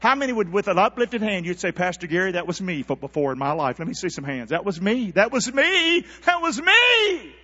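A man preaching a sermon, calling out to the congregation and swinging from near-whispers to shouts. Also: high-pitched, fast talker, hardly any pauses, husky, long reverb tail, highs cut off. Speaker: pastor. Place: church sanctuary.

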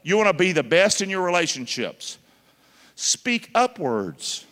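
A man's voice: sits high, lively intonation, a little fast, fairly bright tone, in a large hall. A man preaching a sermon as pastor, emphatic, spelling words out and throwing call-and-response questions to the congregation in a church.

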